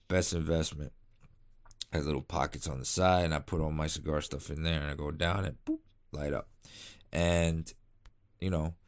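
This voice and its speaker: A cigar vlogger with a very deep voice delivers a laid-back, rambling monologue late at night, tired and yawning. He restarts often and uses plenty of fillers.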